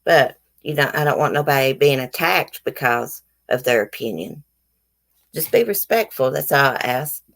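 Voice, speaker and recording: Her pitch is extremely low yet her delivery is animated, with a moderate pace and a somewhat bright tone. This Southern woman from the American South runs a casual YouTube live stream, reading out comments and talking bluntly and frankly with her viewers.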